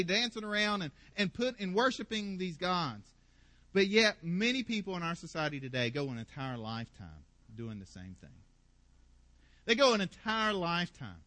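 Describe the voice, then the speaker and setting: A man preaching a sermon as pastor, animated and playful, acting out the people in the story with sarcasm. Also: high voice, no echo.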